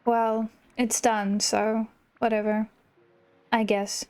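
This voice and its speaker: A woman's voice: on the high side, lively intonation, measured pace, a little mellow. A young woman hosting a gaming channel, chatting casually and muttering self-mocking asides while playing. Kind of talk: casual gameplay commentary.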